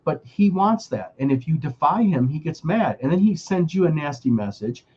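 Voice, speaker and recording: A man's voice: a little high, expressive, moderate pace, warm tone, husky, highs cut off. A man co-hosting a casual chat show, talking emphatically with many restarts. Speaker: podcast co-host.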